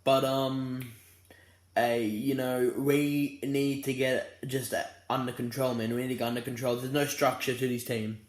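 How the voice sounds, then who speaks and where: A man's voice: medium pitch, level tone, a little slow, roomy sound. A young Australian man giving a casual, rambling footy fan preview, tired and yawning but fired up about his team. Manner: rambling and fired up, many restarts.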